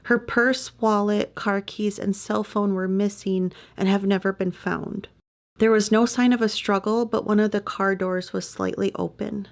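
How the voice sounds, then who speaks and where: A woman reads true-crime narration in her own podcast, pausing for sympathetic asides. Her voice carries steady vocal fry and sits in a middle range. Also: medium pitch. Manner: adds sympathetic personal asides. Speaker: podcast host.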